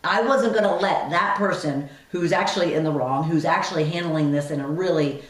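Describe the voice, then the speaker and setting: A woman's voice: sits low, fairly quick, far from the mic. A woman hosting a radio talk show, telling a personal story in a chatty way with many asides and fillers. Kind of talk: casual storytelling monologue. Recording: echoey room, voice off-mic.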